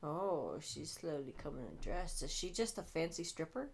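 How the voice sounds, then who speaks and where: A woman chats through a movie commentary, tossing out short teasing jokes. Her voice is a bit low but swings up and down a lot. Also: sing-song, moderate pace, vocal fry. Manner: quippy, teasing asides.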